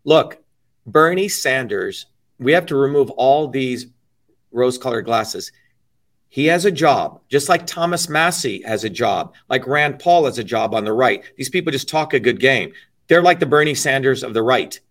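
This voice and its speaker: A man's voice: mid-range voice, expressive, normal speed, a bit bright, recorded from a distance. A man being interviewed, telling stories in a blunt, emphatic and profane way. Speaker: interview guest. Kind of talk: casual interview talk.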